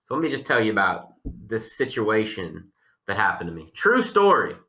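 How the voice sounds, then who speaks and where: Animated man telling tall tales. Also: moderate pace, roomy sound. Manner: spins tall tales, jumps into high voices for quoted characters. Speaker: podcast co-host. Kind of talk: casual comedic banter.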